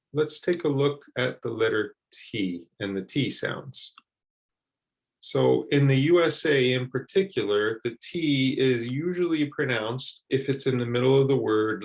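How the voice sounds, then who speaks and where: A man teaching English pronunciation, repeating words slowly and carefully for learners. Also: medium pitch, low-quality recording. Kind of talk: slow, deliberate pronunciation lesson.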